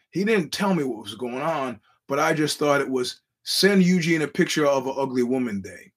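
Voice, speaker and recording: Rambling, animated male podcast host. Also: on the high side, a little fast, few pauses, husky. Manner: rambling, animated, acts out quoted voices. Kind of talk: casual storytelling monologue.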